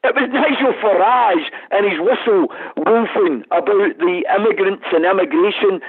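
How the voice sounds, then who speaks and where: A man's voice: high voice, normal speed, slightly rough. Fiery Scottish man on a phone line. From Scotland. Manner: impassioned, emphatic, calls host mate. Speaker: guest, politician. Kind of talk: passionate political argument by phone.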